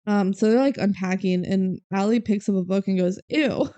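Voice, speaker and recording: A woman's voice: medium pitch, fairly even intonation, moderate pace, warm tone. Giggly young woman recapping a movie. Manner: chatty, giggly, quotes scenes in small acted voices. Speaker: podcast co-host. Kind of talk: casual movie recap chat.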